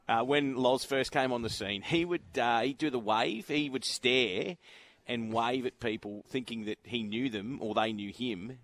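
A man's voice: mid-range voice, fairly bright tone. An Australian man presenting horse racing from the road, telling rambling anecdotes in casual radio chat and laughing often.

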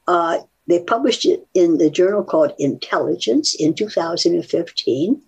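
Older lady psychologist reading a study out loud, gravelly and husky, voice swoops all over. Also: lowish voice, expressive, normal speed. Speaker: psychologist guest. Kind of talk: casual chat, reading a study aloud.

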